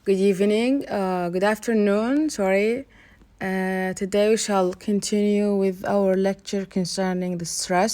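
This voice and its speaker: A woman lecturer giving a recorded online lesson, explaining slowly and repeating herself, with frequent pauses. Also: on the low side, dark tone. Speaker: university lecturer.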